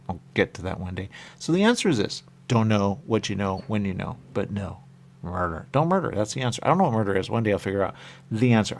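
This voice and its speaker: A man's voice: lowish voice, gravelly, a little hiss or hum. A man hosting a radio show, talking in a rambling, repetitive monologue that keeps circling back with small chuckles.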